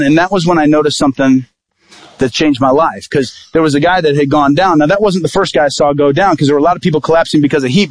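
A man preaching as an evangelist, with a voice a little higher than most men's. He tells a personal story and acts out the lines of the people in it. The sound is dry and close, with almost no room echo. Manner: vivid storytelling, acting out quoted dialogue. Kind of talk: sermon storytelling.

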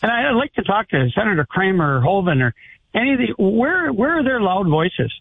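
A man's voice: high-pitched, sing-song, brisk, gravelly, breathy edge, no echo. Agitated man ranting over a phone line. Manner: fired up, repeats himself, stumbles over words. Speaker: radio caller. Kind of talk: heated call-in rant. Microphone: telephone.

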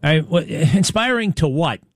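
A man's voice: fairly high pitch, expressive, a little slow. A man hosting a talk radio show, delivering a blunt, indignant, rambling monologue into a studio mic.

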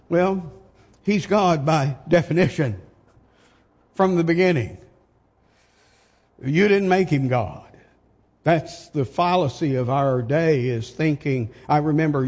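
An older man preaching a sermon, slow and emphatic, firing off rhetorical questions, in a church hall. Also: fairly high pitch, a little mellow. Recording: long hall reverb.

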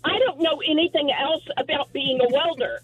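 Chatty female caller with a high voice, recounting an anecdote. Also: normal speed, a bit bright, no room sound, muffled recording. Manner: chatty, laughing, with many fillers. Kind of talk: telling a funny story on air.

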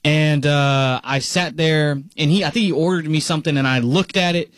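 A man in his twenties co-hosts a casual podcast chat and tells stories with dry humor. His voice sits a little high, recorded close and dry. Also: fairly even intonation, normal speed, dry recording. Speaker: podcast co-host.

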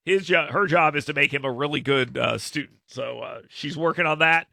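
A man's voice: a little high, fairly quick, creaky, pushed and bright, no room sound, clean studio sound. A man in his thirties hosting a casual talk show, telling rambling stories that make fun of himself. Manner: rambling, self-mocking storyteller. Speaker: radio show host. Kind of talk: casual chat with co-hosts.

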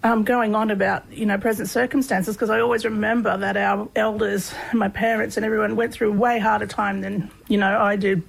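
An Australian woman, a guest researcher, telling personal stories in a relaxed, chatty way with lots of fillers. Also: mid-range voice, fairly quick, vocal fry, hardly any pauses, husky, rough recording. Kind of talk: conversational storytelling.

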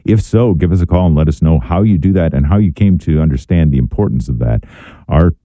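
A man hosting a faith radio call-in show, asking long, measured questions with fillers. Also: very deep voice, animated, mellow, dry recording, highs cut off. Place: radio studio.

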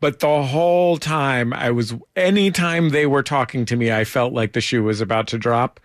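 A man's voice: medium pitch, moderate pace, dry recording. Wry male interview host, dry studio sound. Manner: wry, joking questions. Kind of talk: casual interview chat.

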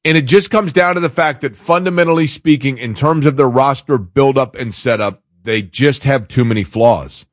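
A man's voice: mid-range voice, normal speed, hardly any pauses, dry recording, studio quality. A man hosting a sports talk show, chatting casually and opinionated, rambling as he reads out a listener's email. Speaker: sports radio host.

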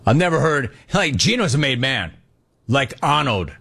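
A man hosting a sports talk radio show, animated and playful, taking calls and riffing on them. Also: mid-range voice, moderate pace, creaky, husky. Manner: animated, playful, mocks callers' voices.

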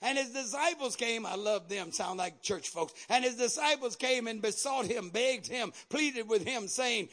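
A male pastor preaching a sermon with fiery energy, shouting at the peaks and dropping in repeated amens. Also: very high-pitched, animated, moderate pace, few pauses.

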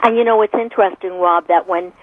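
A guest commentator on a radio talk show, lecturing and emphatic, stressing words slowly. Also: mid-range voice, narrow, tinny audio, noisy background.

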